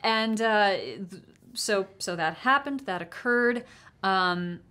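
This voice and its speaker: A woman in casual conversation, telling a story in a wry, animated way and laughing mid-sentence. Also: mid-range voice, takes it slowly, clear, resonant tone. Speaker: panel guest.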